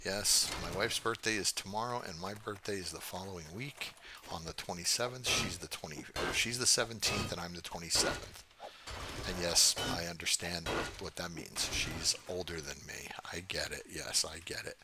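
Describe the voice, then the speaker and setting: A man in his fifties with a low, deep voice chats through a gaming session in a casual, profane ramble. He mocks his own bad jokes and drifts off-topic easily. The recording carries clear background noise and clicking. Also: moderate pace. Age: 50s. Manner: rambling, profane, self-mocking humor. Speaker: gaming channel host. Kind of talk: casual let's-play commentary.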